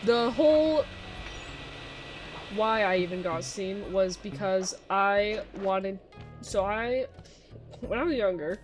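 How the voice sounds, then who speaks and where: A woman's voice: mid-range voice, slow, pauses often. A young woman streaming a game, chatting casually and rambling with lots of fillers and restarts. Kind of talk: casual gameplay chat. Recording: music playing behind the voice.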